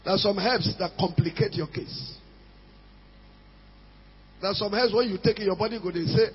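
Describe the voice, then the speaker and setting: A man's voice: sits high, moderate pace, pauses often, husky. A man preaching a sermon as pastor, emphatic and repetitive, slipping into pidgin phrases. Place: church hall. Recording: dull sound with long hall reverb.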